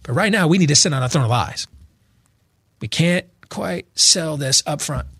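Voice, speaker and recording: A man's voice: lively intonation, moderate pace, a bit bright, husky. A male talk show host, sarcastically paraphrasing others in comedic political talk with sudden put-on voices. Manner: sarcastic, mocking paraphrase with sudden high impressions.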